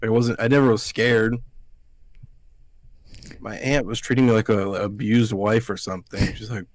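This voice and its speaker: A man's voice: fairly low pitch, steady tone, moderate pace, dry recording. A man hosting a podcast, telling a rambling story in casual chat, swearing freely. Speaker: podcast host.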